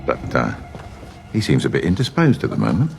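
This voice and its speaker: An actor playing a menacing London gangster who speaks slowly and coldly, with a very deep gravelly voice, in a film with music behind. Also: male voice, wildly swooping pitch, exaggerated voice. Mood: threatening. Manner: slow, threatening, coldly polite. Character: menacing male London gangster, cold and controlled. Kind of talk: film drama.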